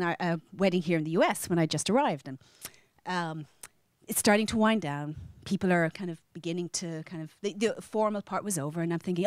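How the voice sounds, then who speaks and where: Animated Irish woman telling a story. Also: mid-range voice, no room sound, clean studio sound. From Ireland. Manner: animated, with frequent restarts and acted-out quotes. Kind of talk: live personal storytelling to an audience. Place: media center storytelling event.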